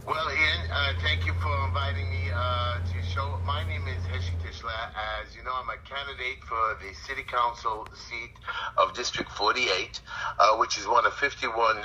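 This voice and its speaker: A man's voice: mid-range voice, steady tone, moderate pace, bright, forceful tone, slight background noise. Blunt Brooklyn man on a phone line. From Brooklyn, New York. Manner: blunt, streetwise, rambling. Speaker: city council candidate, guest. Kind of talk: phone interview.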